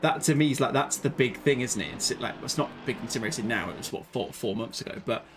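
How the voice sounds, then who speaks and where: A man giving relaxed, rambling commentary on a live sim racing stream, chatting with a co-commentator. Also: medium pitch, quick pace, slight background noise. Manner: chatty, rambling, laughs easily. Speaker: race commentator.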